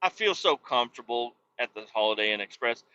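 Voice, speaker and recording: Profane rambling man, bright voice. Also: medium pitch, animated, fairly quick, smooth, highs cut off. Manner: profane, complaining, self-mocking. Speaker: podcast host. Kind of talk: casual rambling monologue while driving. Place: vehicle on the road.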